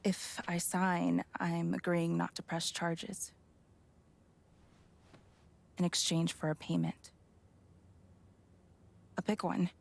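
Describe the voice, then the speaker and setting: A weary, grieving widow from a video game. Her low voice is gravelly and she talks in a subdued, hesitant way. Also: flat delivery, slow, long pauses.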